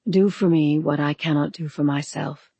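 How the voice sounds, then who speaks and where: A reader voicing a strange, mad woman who talks in a sweetly husky, slow and patient voice, recorded close and dry. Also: fairly even intonation, no echo. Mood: eerie patient. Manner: slow, patient, low and quiet.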